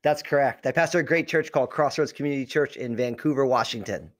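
A man from New Jersey, a pastor being interviewed, telling stories in an animated, casual way. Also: mid-range voice, fast. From New Jersey, USA. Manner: animated storyteller, frequent restarts. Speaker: pastor, guest.

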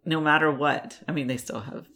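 A woman's voice: sits low, steady tone, moderate pace, gravelly, bright, forceful tone. A woman in her thirties co-hosting a podcast, chatting and laughing through a family story. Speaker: podcast co-host. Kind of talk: casual storytelling chat.

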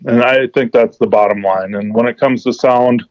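A man hosting a fishing podcast, chatting casually and telling stories with lively quoted dialogue. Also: mid-range voice, moderate pace, dry recording. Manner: storytelling, animated in quoted dialogue. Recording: dull dry podcast audio.

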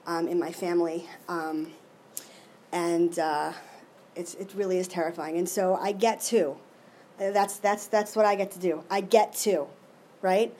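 A middle-aged woman giving a personal recovery share, emotional and expressive, with many restarts. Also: lowish voice, a little slow, a little hiss or hum. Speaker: recovery meeting speaker.

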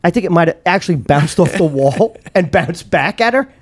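A man's voice: a little high, animated, normal speed. A middle-aged man from Long Island co-hosting a podcast, teasing his friend and telling stories with a laugh. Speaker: podcast co-host. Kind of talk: casual chat.

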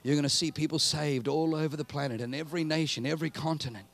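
Gentle low voice of God, put on by a man, measured. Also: animated, exaggerated voice. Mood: tender. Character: calm fatherly God speaking to a man.

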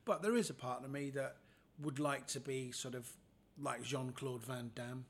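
Animated man telling stories. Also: medium pitch, normal speed, slightly rough. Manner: animated storyteller, acts out the people in his stories. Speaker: podcast guest, comedian. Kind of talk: casual anecdotal storytelling.

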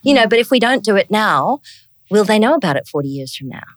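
A woman with an Australian accent talking about theatre in a casual, animated conversation, often acting out what others say. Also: medium pitch, quick pace, no echo, clean studio sound. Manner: animated, acts out quoted voices. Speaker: theatre guest. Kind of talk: casual chat.

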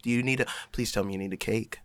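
A man running a tabletop game as game master, speaking hesitantly with pauses and fillers. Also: lowish voice, steady tone.

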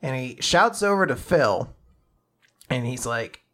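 A man casually recapping a manga chapter as a podcast co-host, excitedly acting out characters' lines and swearing casually. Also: mid-range voice, a little slow.

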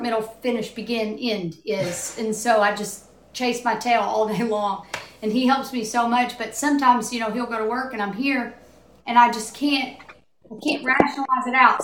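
A woman's voice: a little high, a bit bright, a little hiss or hum. A woman chatting casually on a podcast, rambling and heartfelt as she tells a personal story. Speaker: podcast guest. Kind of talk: casual chat. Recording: echoey room.

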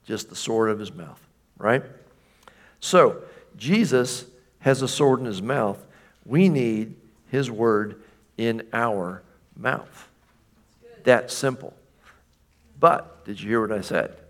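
A man's voice: mid-range voice, animated, slow pace, pauses often. A man preaching a sermon in a conversational tone, often checking in with the congregation and sometimes mimicking voices. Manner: mimics a taunting voice for quoted questions. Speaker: pastor.

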